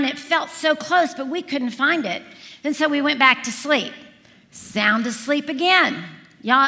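A woman in her forties preaching, telling a lively story to a congregation and acting out the dialogue. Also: high voice. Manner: animated storyteller, acts out dialogue. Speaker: speaker at a church service. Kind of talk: storytelling sermon. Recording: reverberant hall.

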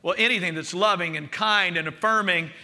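A man's voice: sits high, fairly quick, pushed and bright. A man preaching a sermon as pastor, leading the congregation in spoken declarations. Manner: leads congregation in call-and-response declarations.

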